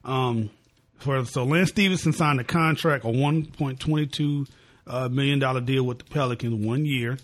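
Male podcast co-host, casual chat, relaxed and conversational, middle-pitched voice. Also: moderate pace. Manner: relaxed, conversational, drops into quoted reactions.

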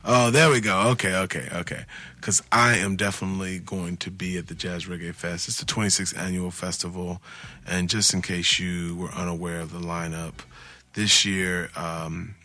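Low-voiced guy hosting his show, bright punchy tone, dry close mic, chatty and rambling. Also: no room sound. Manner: chatty, digressive, enthusiastic. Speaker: host. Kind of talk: casual video talk show.

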